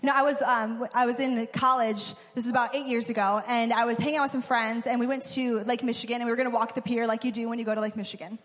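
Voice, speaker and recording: A woman's voice: a little high, steady tone, quick pace, hardly any pauses. A young woman giving a casual, conversational sermon, acting out quotes as she goes. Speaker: preacher. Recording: long hall reverb.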